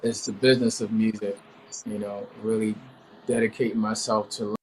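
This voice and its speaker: A middle-aged male R&B singer giving a measured, explanatory interview answer. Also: fairly low pitch, little pitch movement, slight background noise, rough recording. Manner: measured, explanatory, says "you know what I mean". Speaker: R&B singer guest.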